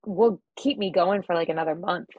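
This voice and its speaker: A woman's voice: fairly low pitch, fairly quick, highs cut off, noisy background. A woman in casual podcast chat, talking about her relationship, with frequent "like" fillers. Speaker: podcast co-host.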